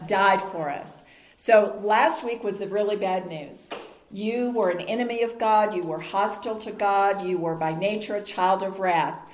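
A woman's voice: mid-range voice, moderate pace. Woman teaching scripture in a roomy hall. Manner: earnest, conversational, asks the group questions. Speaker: Bible study teacher. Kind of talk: sermon. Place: meeting room with a group. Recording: roomy echo.

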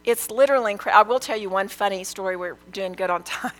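A woman's voice: mid-range voice, quick pace, fairly bright tone, low-quality recording. An older woman, a grandmother, giving an earnest, emphatic testimony, repeating phrases for weight. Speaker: speaker sharing a testimony. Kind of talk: testimony sermon.

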